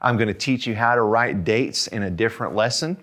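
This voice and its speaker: A man teaching a video language lesson as a Spanish teacher, encouraging, repeating each word slowly so learners can say it after him. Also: fairly low pitch, fairly bright tone.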